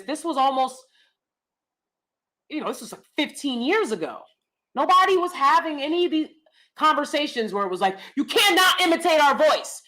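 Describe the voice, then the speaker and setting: A woman in her thirties hosting a casual commentary stream, animated and emphatic, rambling with asides and reacting to chat. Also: a little high, rough recording. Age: 30s. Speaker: commentary channel host.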